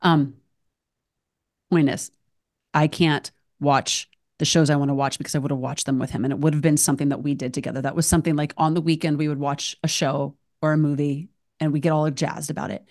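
A woman's voice: low voice, steady tone, brisk, a little mellow. A woman hosting a podcast, talking openly in long, emotional run-on thoughts. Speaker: podcast host. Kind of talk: casual conversation.

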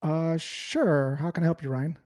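Brief: male sales trainer, mellow tone, slightly higher pitch, explanatory. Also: unhurried. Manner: explanatory, lively coaching. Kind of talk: instructional talk.

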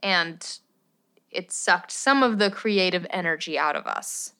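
Slow-talking woman podcast co-host. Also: on the low side, lively intonation, sharp tone, clear, resonant tone. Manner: slow, laid-back storytelling with frequent laughs. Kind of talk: casual comedy chat.

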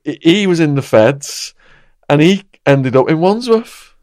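A man's voice: fairly high pitch, expressive, a little slow, a little mellow, dry recording, clean studio sound. A man chatting casually and telling his own story in a matter-of-fact way. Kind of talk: casual conversation.

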